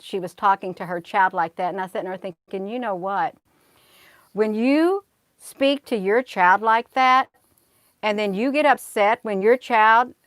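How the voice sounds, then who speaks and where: A woman's voice: a little high, a bit bright, no echo. A middle-aged woman telling a spiritual story in a casual, earnest way. She often repeats herself and restarts her sentences, and she turns preachy and prayerful. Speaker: channel host.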